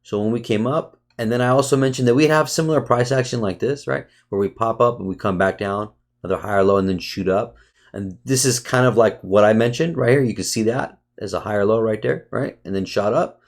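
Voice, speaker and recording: A man's voice: on the low side, fairly quick. A man narrating a screen-share market review, casual and full of restarts, who turns into a profane, heated rant at his viewers. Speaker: trading educator.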